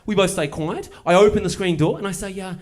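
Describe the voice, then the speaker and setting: A male stand-up comedian. He tells a long story on stage with dry, deadpan timing and then climbs into excited bursts. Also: high voice, brisk. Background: audience laughter.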